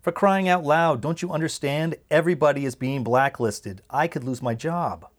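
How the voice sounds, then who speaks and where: A man's voice: mid-range voice, fast talker, close to an everyday voice. A man reading the part of a nervous, fidgety father who speaks hesitantly. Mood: exasperated. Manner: hesitant, then bursting out.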